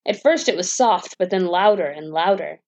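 A woman reading a fairy tale aloud as a bedtime story, in a calm, even storytelling manner. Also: lowish voice, normal speed.

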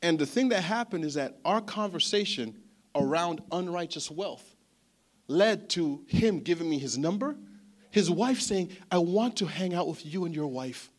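Pastor guy preaching, chatty and animated, kinda high voice, repeats himself a lot. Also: moderate pace. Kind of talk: sermon storytelling.

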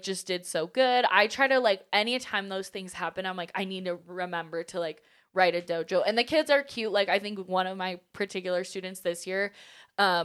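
A woman's voice: fairly low pitch, fairly bright tone, clear, resonant tone. Bubbly young woman teacher. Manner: bubbly, laughs often, full of "like" and "literally". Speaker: teacher and podcast co-host. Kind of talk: casual chat.

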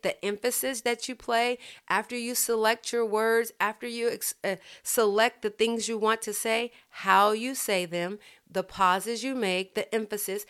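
Smooth-voiced woman teaching communication. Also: medium pitch, fairly bright tone. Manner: explanatory, repeats phrases, demonstrates emphasis by example. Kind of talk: lecture-style teaching.

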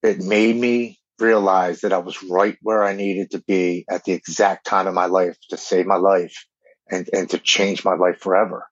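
A man, a podcast guest, telling an emotional recovery story in an earnest, halting way with repeated words. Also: sits low, flat delivery, no echo. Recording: dull, dry remote recording.

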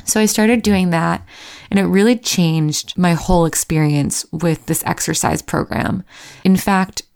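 A woman in her thirties talks openly about her own struggles, with a frank, self-mocking delivery. Her voice sits on the low side and has a gravelly, creaky texture. Now and then she slips into acting out her own thoughts. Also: fairly even intonation, measured pace, a little mellow. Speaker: vlogger. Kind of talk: personal storytelling to camera.

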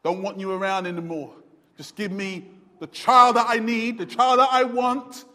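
High-voiced preacher in a reverberant hall. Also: male voice, level tone, moderate pace. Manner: swings from loud emphatic peaks to low murmurs. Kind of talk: sermon.

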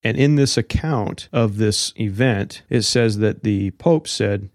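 A man with a lowish voice teaching through a Bible chapter verse by verse. He talks in a relaxed, conversational way and drops in casual slang. The sound is dry and close. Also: normal speed, hardly any pauses, no room sound.

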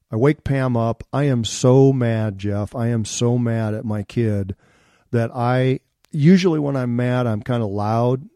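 Earnest middle-aged man, low mellow voice. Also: dry recording, studio quality. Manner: earnest, candid and reflective. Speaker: interview guest. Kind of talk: personal storytelling in conversation.

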